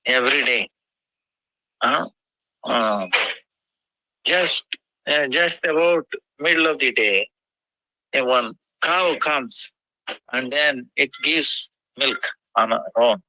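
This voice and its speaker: A man voicing a gentle young village boy who coaxes softly. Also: mid-range voice, slow, long pauses, highs cut off, slight background noise. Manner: coaxing, pleading.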